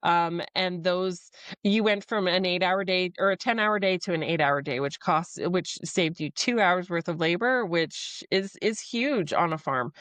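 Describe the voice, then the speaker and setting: A woman's voice: on the low side, unhurried, fairly bright tone, no room sound. A woman hosting a farm podcast, talking frankly and chattily and poking fun at her own past mistakes. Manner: frank, chatty, self-deprecating. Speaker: podcast host, former farmer. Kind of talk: casual podcast interview.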